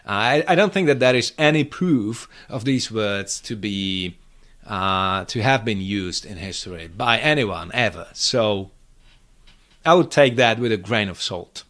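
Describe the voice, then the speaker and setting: Man slowly teaching pronunciation, drilling sounds. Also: on the low side, expressive, fairly bright tone. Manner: demonstrates sounds by slow repetition, dry humor. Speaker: Czech language teacher. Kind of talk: pronunciation lesson.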